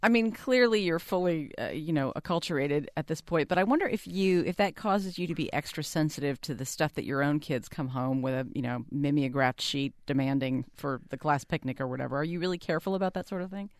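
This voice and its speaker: Female radio host with a very low voice, dry studio sound, conversational interviewer. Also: fairly quick, few pauses, no room sound. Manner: curious, conversational questions. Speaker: radio call-in show host.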